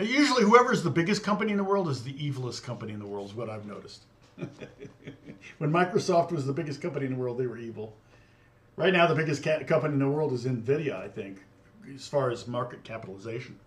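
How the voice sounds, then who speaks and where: A middle-aged man from Indiana chats loosely with his livestream audience and answers their comments as he goes. He rambles from thought to thought and chuckles often. His voice sits at an ordinary middle pitch. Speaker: livestream host. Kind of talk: casual chat.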